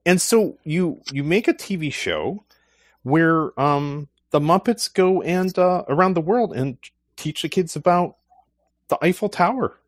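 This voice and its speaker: A man's voice: a little high, animated, a little slow, no echo. A man in easy conversation, his voice climbing and dipping as he jokes and riffs. He laughs often and keeps it playful. The sound is dry and close, with no room around it. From not California. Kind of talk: casual chat.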